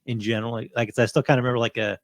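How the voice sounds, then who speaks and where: A man's voice: medium pitch, level tone, very fast, no echo. A man on a podcast, talking casually and rambling with many fillers. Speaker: podcast guest. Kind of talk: casual chat.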